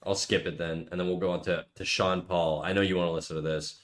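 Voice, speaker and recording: A man streaming while he draws, chatting casually and teasing, dropping into quiet mumbled asides between jokes. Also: deep voice, little pitch movement, racing. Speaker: livestreaming artist.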